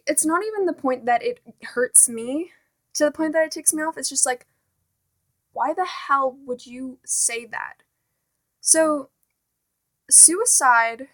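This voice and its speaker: A woman's voice: high voice, takes it slowly, long pauses, fairly bright tone. Exasperated teen girl ranting. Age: teens. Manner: exasperated, full of "like" and "honestly". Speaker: vlogger. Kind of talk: casual rant to camera.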